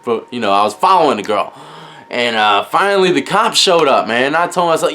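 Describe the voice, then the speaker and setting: Animated man telling a slangy story. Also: medium pitch, fairly quick. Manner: animated, slangy, dramatic retelling. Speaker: gaming streamer and vlogger. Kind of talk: casual storytelling to camera.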